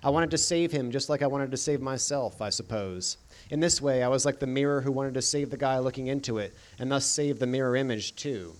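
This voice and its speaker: A man narrating an audiobook in the first person with a deadpan, dry delivery. His pitch sits in the middle of the range for a man. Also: brisk.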